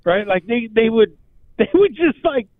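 A man with a high voice tells stories in casual chat, acting out what people said and dropping "bro" and "like" all the time. The sound is dry and thin, as if it came through a phone line. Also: a little slow, dry recording. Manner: animated storyteller, acts out quotes, says "like" and "bro" often.

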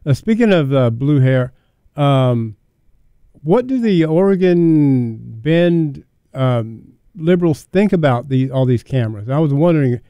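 A man chatting casually in a steady, unhurried way, pausing with "uh" and "um". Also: mid-range voice, clean tone, no room sound. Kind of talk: casual chat.

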